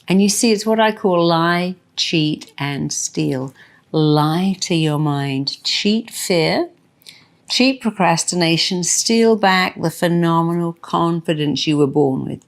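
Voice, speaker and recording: Woman motivational speaker, deep for a woman, punchy, repeats key lines slowly for effect. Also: animated. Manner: emphatic, repeats affirmations with slow deliberate stress. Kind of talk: motivational talk.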